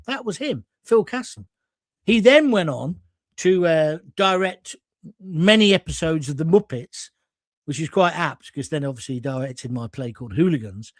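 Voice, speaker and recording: Middle-aged male host, animated raconteur, bright high pitch, dry close sound. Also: moderate pace, no room sound. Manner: chatty, animated storyteller. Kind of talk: live show anecdote chat.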